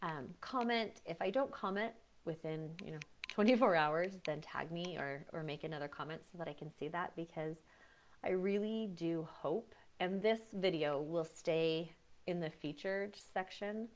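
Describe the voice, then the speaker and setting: This breathwork coach leads a live class in a somewhat low voice, talking at an everyday pace. Lively and talkative, she keeps imitating other people's words in character voices, and her speech meanders with fillers and false starts.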